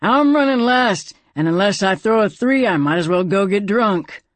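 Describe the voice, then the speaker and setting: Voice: mid-range voice, lively intonation, moderate pace, dry recording, voice pushed up, natural voice. A narrator voicing a surly, pushy male cougar gambler in a storybook.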